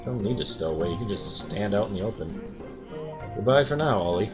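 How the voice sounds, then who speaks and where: A man's voice: lowish voice, expressive, fairly quick, over music, natural voice. A man voicing a vain, boastful male wizard with a smug, showy manner. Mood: grand.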